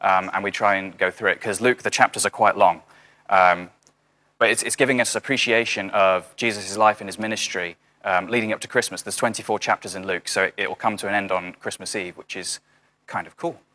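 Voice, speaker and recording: A man's voice: lowish voice, fairly even intonation, a little fast, pushed and bright. A young man giving an informal sermon over a video call, chatty, with many fillers and dry jokey asides. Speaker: house church speaker.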